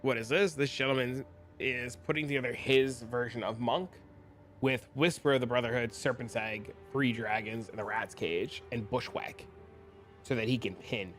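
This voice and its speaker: A man streaming a video game, rambling and thinking out loud as he talks through builds. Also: mid-range voice, normal speed, soft background music. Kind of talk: casual gameplay commentary.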